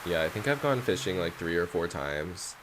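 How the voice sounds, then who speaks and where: A man's voice: sits low, lively intonation, normal speed, noisy background. A man streaming a game live, chatting casually and rambling with his viewers. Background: game music.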